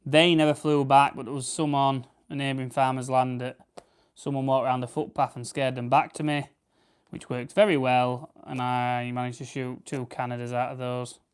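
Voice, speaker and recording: A man's voice: mid-range voice, level tone, normal speed, clean tone. A young man with a South Yorkshire accent, chatting casually on a livestream and answering viewers while he plucks birds. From South Yorkshire, England. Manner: chatty, rambling, reads out viewer comments. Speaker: livestream host. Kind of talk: casual live-stream chat while plucking grouse.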